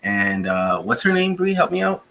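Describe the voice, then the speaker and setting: A man co-hosting a casual review chat, retelling scenes in a lively way and jumping into high-pitched bursts when he acts out characters. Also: normal speed, creaky, faint music behind, poor audio. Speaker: podcast co-host reviewing a TV series.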